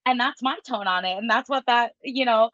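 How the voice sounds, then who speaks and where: A woman's voice: on the high side, fairly quick, pushed and bright, no echo. A woman working as a tarot reader who chats casually on a podcast, telling stories with animation and laughing often. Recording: dull lo-fi sound.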